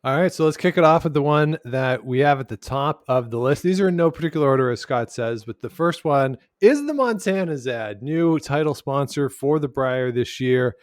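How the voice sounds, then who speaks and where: A talkative man co-hosts a casual podcast, joking along with easy filler "uh"s. His voice sits at an ordinary middle pitch. The sound is close and dry. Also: expressive, moderate pace, hardly any pauses, dry recording. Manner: chatty and jokey, with filler "uh"s. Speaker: podcast co-host. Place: lives in Canada's capital.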